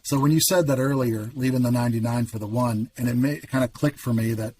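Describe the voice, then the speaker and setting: A man's voice: medium pitch, fast, warm tone, slight background noise. A man, a podcast guest, telling a heartfelt personal story in an earnest, emphatic way and chuckling now and then.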